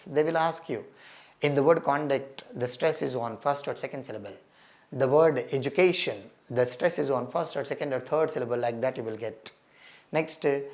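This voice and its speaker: Earnest Indian man teaching English exam prep. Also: medium pitch. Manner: earnest, stresses key points, calls listeners "my friend". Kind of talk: exam coaching lecture.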